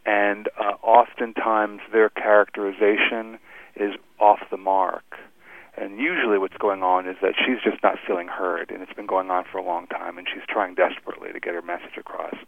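A man's voice: sits low, little pitch movement, normal speed, creaky, no room sound. A man who works as a life coach, speaking as a guest in a casual radio interview, earnest with a dry sense of humor. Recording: tinny phone line.

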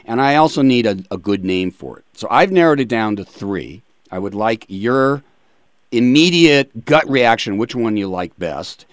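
A man's voice: mid-range voice, expressive, no room sound, studio quality. A man hosting a radio talk show, chatting casually with a guest and making self-deprecating jokes. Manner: joking, self-deprecating, quick asides.

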